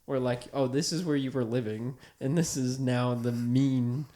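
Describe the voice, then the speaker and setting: A man's voice: medium pitch, fairly even intonation, moderate pace, dark tone. A man co-hosting a podcast, talking casually and arguing his points in long, lecturing runs. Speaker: podcast co-host. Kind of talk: casual chat. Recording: echoey room with clear background noise.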